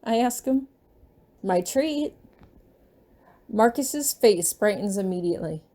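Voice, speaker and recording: A woman reading her fan fiction aloud in a gentle, unhurried storytelling manner. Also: medium pitch, lively intonation.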